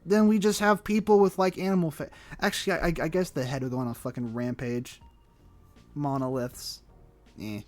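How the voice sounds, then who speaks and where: Excitable high-voiced male streamer. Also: moderate pace. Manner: excitable and rambling, laughs, swears casually. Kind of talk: casual live-stream chat while playing a game. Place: at home. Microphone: desk microphone. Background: faint chill background music.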